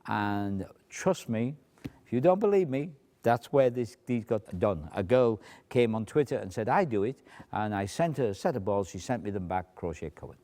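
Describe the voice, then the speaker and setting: This magician's voice is on the low side and mellow, animated and at a moderate pace, as he demonstrates a routine. He chats and explains, breaking off into asides and acted quotes.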